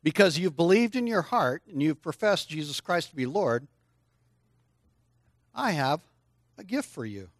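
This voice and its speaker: In a clean, dry studio recording, an older preacher with a fairly high voice delivers a children's sermon at a measured pace, pausing often. He coaxes the kids to participate and answer out loud, speaking to them directly in a lively way.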